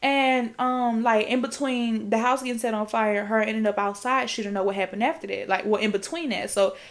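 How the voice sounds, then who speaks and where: A woman's voice: on the high side, steady tone, brisk. A woman recapping a movie plot for her podcast audience in casual, profane, rambling storytelling, full of fillers and talking straight to her listeners. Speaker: podcast host.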